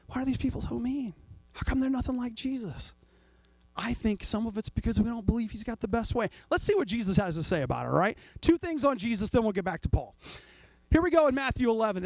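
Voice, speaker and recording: A man's voice: high voice, a little mellow, dry recording. A man preaching a casual, jokey sermon as a pastor, acting out little voices to make his point. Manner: jokey, acts out voices of people and God.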